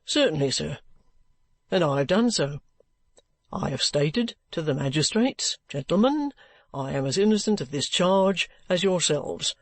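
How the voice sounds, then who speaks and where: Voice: mid-range voice, very animated, a little slow, no room sound. A reader voicing a bluff former soldier who is under arrest and speaks plainly, politely and stubbornly. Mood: firm.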